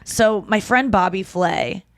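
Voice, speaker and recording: A woman hosting a podcast, telling an emotional story in casual chat, acting out quotes loudly and swearing freely. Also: medium pitch, takes it slowly. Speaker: podcast host.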